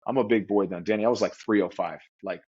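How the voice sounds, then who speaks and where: A man telling a story as an interview guest, animated and vivid, acting out the people he quotes. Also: lowish voice, fast talker. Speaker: guest entrepreneur. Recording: slightly dull lo-fi audio.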